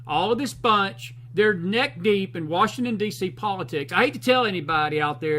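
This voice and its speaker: A man's voice: high voice, a bit bright, poor audio. A man hosting a talk show, delivering fired-up political commentary in a folksy, preachy, emphatic way.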